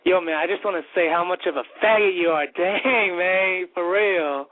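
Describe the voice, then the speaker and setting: A man's voice: sits high, normal speed, no echo. A man calling in to a radio show as a prank, giggly and teasing, over a tinny phone line. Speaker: caller.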